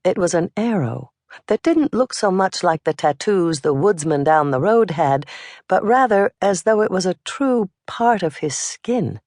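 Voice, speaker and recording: An audiobook narrator giving a measured, scripted reading of a novel. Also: medium pitch, dry recording, studio quality.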